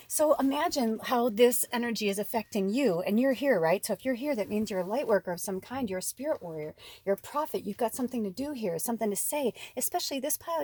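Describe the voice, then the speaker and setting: A woman's voice: mid-range voice, dry recording. Chatty woman tarot reader, dry sound. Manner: rambling, chatty, swears casually. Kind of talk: casual spiritual chat.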